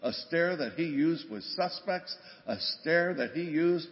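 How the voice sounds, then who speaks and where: A man's voice: fairly high pitch, lively intonation, measured pace. An older man and former police officer, recounting a story plainly and conversationally in a church talk. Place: church sanctuary. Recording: dull, long church reverb.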